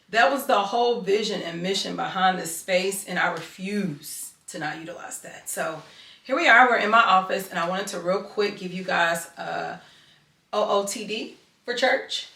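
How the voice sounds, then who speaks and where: Bright-voiced chatty woman vlogger. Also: mid-range voice, creaky, roomy sound. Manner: chatty, animated, talks straight to viewers. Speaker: fashion and lifestyle vlogger. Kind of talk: casual chat to camera. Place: home office, indoors.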